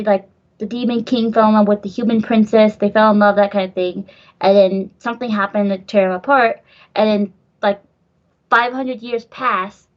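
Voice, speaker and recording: Gushing high-voiced woman, lo-fi. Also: a little mellow. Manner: gushing, rambling, swears casually. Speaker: podcast host. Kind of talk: casual chat.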